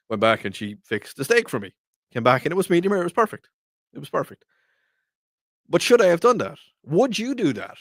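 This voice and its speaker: A man's voice: medium pitch, fairly quick, dry recording. Man, 30s, show host, rambling chatty, dry sound. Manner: chatty, rambling storyteller with frequent repeats. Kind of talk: casual chat.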